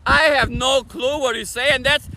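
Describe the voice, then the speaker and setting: Very high, bright-voiced Michigan man. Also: steady tone, creaky, a little hiss or hum, rough recording. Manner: talks fast, chatty, laughs often. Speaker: streamer. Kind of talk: casual outdoor livestream chat. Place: outdoors on a bench by a bridge. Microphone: phone camera on a tripod.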